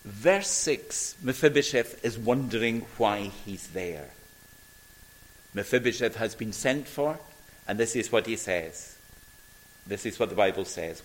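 Older man preaching slowly. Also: fairly low pitch, low-quality recording. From Scotland. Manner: storytelling, acts out quoted voices, slow emphatic pauses. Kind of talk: sermon.

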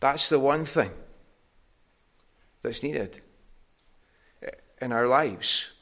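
A man's voice: mid-range voice, animated, very slow, sharp tone. A man preaching a sermon, earnest and tender, building to emphatic peaks.

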